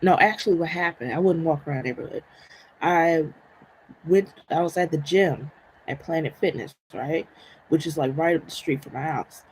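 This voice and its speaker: A woman's voice: sits low, normal speed, slight background noise, poor audio. Chatty woman telling a story. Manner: chatty, laughs often while telling the story; checks in with listeners with "right?" and "okay?". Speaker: live stream host. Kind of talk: casual storytelling.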